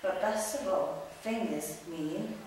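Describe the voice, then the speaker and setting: A cheerful, bouncy young male fish from a storybook, put on by a woman reading aloud, voice pitched low for a woman but jumping up with excitement. It rings in an echoey room, picked up from a distance. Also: slow, slight background noise. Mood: explaining. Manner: bouncy, exclaiming.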